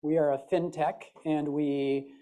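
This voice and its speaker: This conference speaker, a woman from the American Midwest, talks in an unhurried, low, dark voice with little change in pitch. Her accent is Midwestern, and her stage talk is chatty, jokey and self-deprecating.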